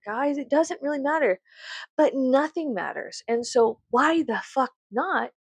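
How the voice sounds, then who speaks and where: Woman vlogger, slightly high, very animated, nervous rambler with a salty mouth, dry close recording. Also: vocal fry, dry recording. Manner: animated, swearing, laughing often; anxious, rambling. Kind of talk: casual chat to camera.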